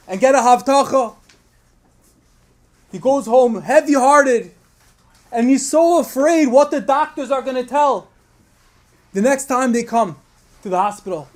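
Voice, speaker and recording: A man giving a Tisha B'Av sermon, telling a moving story with passion and rising intensity, sprinkling in Yiddish and Hebrew terms. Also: very high-pitched. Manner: builds to loud impassioned storytelling, Yiddish and Hebrew terms woven in.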